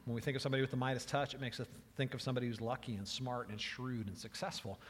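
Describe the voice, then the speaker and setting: A man's voice: mid-range voice, flat delivery, rapid-fire, in a large hall, slight background noise. A man preaching a sermon in a conversational way, often checking in with "right?" and repeating words as he goes. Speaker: pastor.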